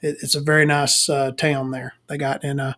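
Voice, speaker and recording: A tired man hosting a solo podcast from a small dark room at home, talking casually into a desk microphone and rambling between jokes with lots of fillers. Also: mid-range voice, flat delivery, moderate pace. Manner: rambling and joking, with many fillers. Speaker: podcast host.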